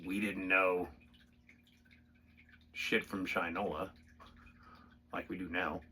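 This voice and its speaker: Speaking slowly in a low voice with little pitch movement, a male drummer casually demonstrates drum rudiments, swearing and wandering off topic and stopping to count the beats out loud. His tone is pushed and bright, there's a slight hiss or hum, and a drum pad is being played.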